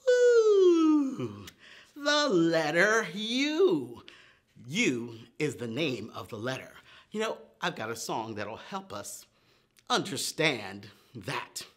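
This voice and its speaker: A man's voice: medium pitch, very animated, slow pace, a bit bright, slightly rough. A man leading a preschool storytime lesson, playful and exaggerated, with gasps and whoops for young children.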